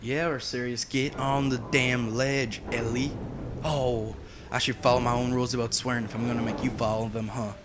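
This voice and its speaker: Excitable man doing game commentary. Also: medium pitch, noisy background. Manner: excitable, chatty, quick to exclaim. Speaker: gameplay commentator. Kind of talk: casual let's-play commentary.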